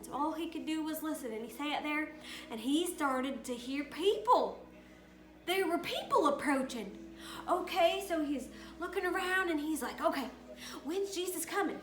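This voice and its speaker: A woman telling a Bible story to preschoolers as a Sunday school teacher, animated and asking the children questions. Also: very high voice. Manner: animated, asks children questions, calls out lines for them to repeat. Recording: echoey room.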